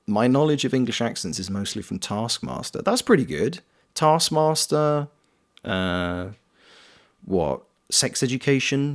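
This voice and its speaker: A man from Wales chatting casually on a live stream while gaming, rambling and reading chat aloud. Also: lowish voice. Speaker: streamer and voice actor.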